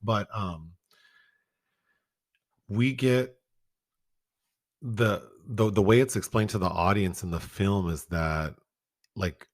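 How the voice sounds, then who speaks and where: A man's voice: lowish voice, slow pace, pauses often, no room sound, studio quality. A man co-hosting a podcast, chatting casually about a movie and laughing as he quotes lines. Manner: animated, laughs often, acts out quotes. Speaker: podcast co-host. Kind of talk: casual film review chat.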